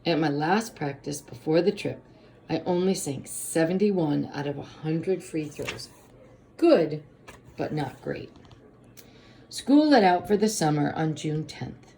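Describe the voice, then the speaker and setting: A woman reading a children's storybook aloud in a steady first-person narration. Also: deep voice, slow pace, slight background noise.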